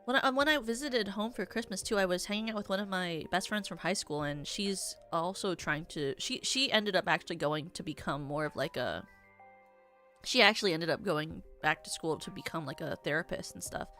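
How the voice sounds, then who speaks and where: A woman's voice: lowish voice, fairly quick, fairly bright tone, faint music behind. A young adult woman streaming as a VTuber, chatting casually in a rambling, theatrical way with many filler words. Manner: self-described yappy, theatrical.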